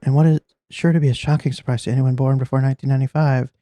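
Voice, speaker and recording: A man's voice: medium pitch, steady tone, rapid-fire, mellow, dry recording, lightly acted. A man voicing a smarmy male TV talk show host in a story game, using showy announcer patter.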